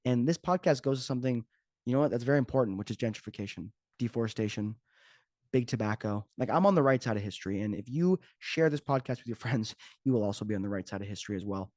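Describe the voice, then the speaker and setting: A man's voice: mid-range voice, fast, darkish tone, no room sound, clean studio sound. A man hosting his own podcast as a fitness coach, talking casually and joking off the cuff. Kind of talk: casual solo podcast talk.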